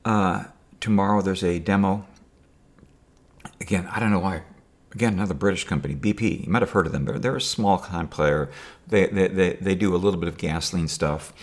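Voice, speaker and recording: A man's voice: low-pitched, a little fast. A man talking to camera in a rambling personal monologue, with dry sarcastic humor and many fillers and restarts. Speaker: video diarist.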